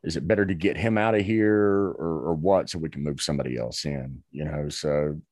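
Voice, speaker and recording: A man's voice: extremely low pitch, normal speed, darkish tone, no room sound, studio quality. A man hosting a podcast, talking casually and hesitantly with many restarts. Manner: hesitant, full of fillers and restarts. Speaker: podcast host. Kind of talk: casual chat.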